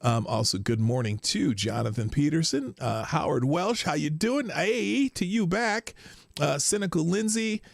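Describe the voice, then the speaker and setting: Male streamer host, slightly high voice, rambling and casual, dry room. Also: expressive, a little slow, gravelly, no echo. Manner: rambling, chatty, greets viewers by name. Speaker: livestream host. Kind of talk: casual live-stream chat.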